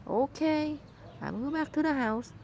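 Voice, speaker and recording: Slow-talking chatty woman in her yard. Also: high voice, a little mellow, a little hiss or hum. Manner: chatty, keeps apologizing, simple broken English. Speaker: vlogger and mother. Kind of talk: casual vlog chat.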